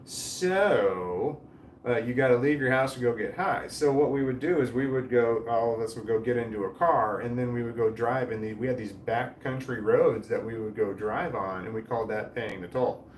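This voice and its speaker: This man in his forties reads his viewers' comments on a home livestream at normal speed, using a mid-range voice. He chats in a rambling manner, breaking off mid-sentence and swearing casually. The distant mic sounds roomy, with faint noise in the background.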